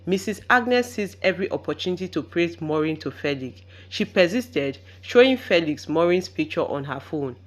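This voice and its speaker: A woman storyteller reading a dramatic tale aloud. Her voice is fairly low for a woman but moves a lot in pitch, giving the narration an expressive lilt. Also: moderate pace, hardly any pauses.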